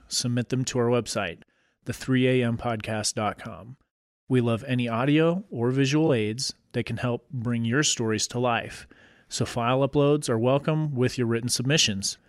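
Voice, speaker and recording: A man's voice: mid-range voice, no room sound. A male podcast host reading a closing script in an upbeat, friendly tone. His mid-range voice sounds close and completely dry. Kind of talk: read sponsor-style outro.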